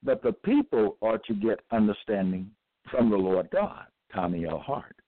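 A man reading scripture verses aloud and commenting on them in a deliberate, repetitive, halting way. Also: lowish voice, very animated, no echo. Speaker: self-styled religious teacher. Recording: tinny phone-like dry recording.

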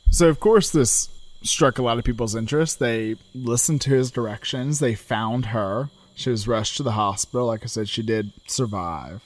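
A man co-hosting a casual true-crime podcast, telling the story with dark humor. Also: mid-range voice, moderate pace. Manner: storytelling, animated, darkly joking. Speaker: podcast co-host.

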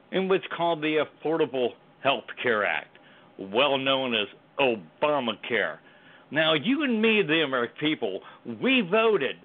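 Guy calling in on a tinny phone line, ranting, voice jumping all over, trips on his words. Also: medium pitch. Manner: ranting, stumbling, repeats himself. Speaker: caller. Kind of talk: heated political call-in rant.

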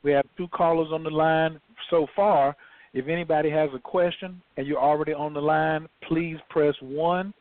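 Man hosting call-in show, fairly high voice, plain announcing, phone-line sound. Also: fairly even intonation, normal speed, dry recording. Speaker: host.

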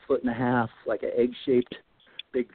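A man's voice: medium pitch, little pitch movement, moderate pace, husky, dry recording. A middle-aged man telling a long personal story in a casual, rambling way, full of "you know" and "like", as a guest on a radio show. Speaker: Bigfoot researcher guest. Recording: tinny phone line.

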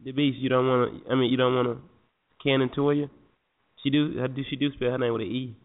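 A man's voice: mid-range voice, little pitch movement, quick pace. A man co-hosting a live morning talk show, joking and teasing bluntly in casual banter. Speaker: co-host. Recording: tinny phone-quality line.

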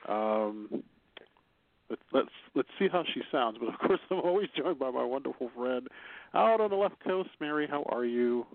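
A man's voice: mid-range voice, lively intonation, moderate pace, creaky, no room sound. A man from Chicago with a Chicago accent, hosting a radio show in casual banter, rambling and laughing often. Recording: phone-line internet radio.

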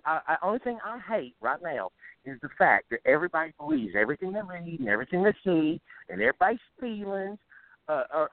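A man's voice: high voice, no room sound. Fired-up profane man on a phone line. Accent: rural American Southern-style drawl. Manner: blunt, profane, fired-up ranting with many restarts. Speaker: guest musician. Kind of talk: phone interview. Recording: tinny phone line, dry.

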